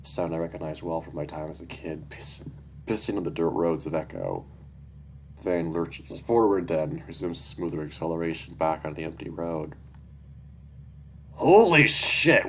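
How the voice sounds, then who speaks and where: Deep-voiced man reading a story, swearing asides. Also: a little hiss or hum. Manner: casual, profane, candid asides. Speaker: story reader. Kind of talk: reading a story aloud with casual commentary.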